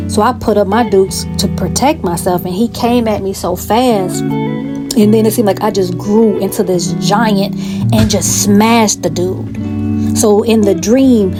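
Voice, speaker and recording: A woman telling a personal story in a casual, chatty way, full of asides and fillers. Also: mid-range voice. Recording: music playing clearly behind.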